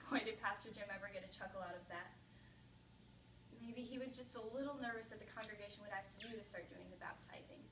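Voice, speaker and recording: A woman's voice: mid-range voice, normal speed, long pauses, background noise, natural voice. A teenage girl playing a grieving young mother. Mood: wistful. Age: late teens. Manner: tender, reminiscing, rising to anguished outbursts. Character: grieving young mother talking at her father's grave. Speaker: student performer. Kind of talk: oral interpretation monologue. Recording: echoey room, mic at a distance.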